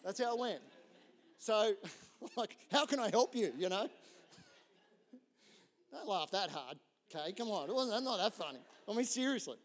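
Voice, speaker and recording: Chatty pastor, slightly high voice. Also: male voice, a little slow, long pauses. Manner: relaxed, chatty, jokes with the audience. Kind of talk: conversational sermon storytelling.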